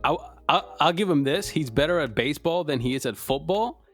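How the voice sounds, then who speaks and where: A man's voice: on the high side, lively intonation, fairly quick, a bit bright, faint music behind. A man co-hosting a sports podcast, ranting in casual, profane, heated chat. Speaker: podcast co-host.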